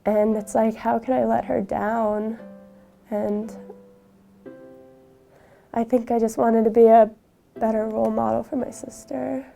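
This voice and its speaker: A young woman, a university student, telling her personal story in an interview, halting, with frequent fillers and restarts. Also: a little high, flat delivery, vocal fry, dark tone, faint music behind.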